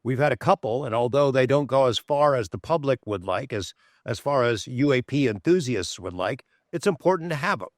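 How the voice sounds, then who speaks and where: A man co-hosting a podcast, discussing in a measured way with emphatic rhetorical questions. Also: medium pitch, expressive, no room sound, studio quality. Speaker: podcast co-host. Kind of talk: analytical discussion.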